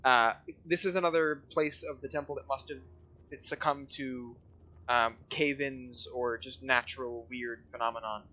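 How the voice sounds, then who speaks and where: A man's voice: mid-range voice, fairly even intonation, normal speed, bright, forceful tone, muffled recording. A man narrating a tabletop game as game master, describing scenes and rules in an explanatory way with frequent fillers.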